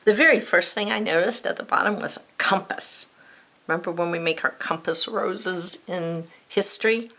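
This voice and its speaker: A woman's voice: lowish voice, creaky, a bit bright. A middle-aged woman teaching a children's spelling lesson, patient and step by step, sounding out words letter by letter.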